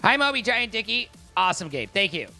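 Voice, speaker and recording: A man's voice: high voice, big pitch swings, brisk, vocal fry, pushed and bright, soft background music. A man streaming live, chatting casually and rambling with many restarts and swear words for emphasis. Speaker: livestreamer.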